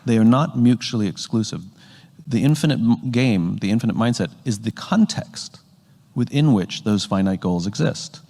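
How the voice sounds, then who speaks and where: A man's voice: fairly low pitch, expressive, moderate pace, darkish tone. Man speaking in a long reverberant hall. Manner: explains through everyday analogies. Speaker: leadership speaker. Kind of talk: talk on leadership.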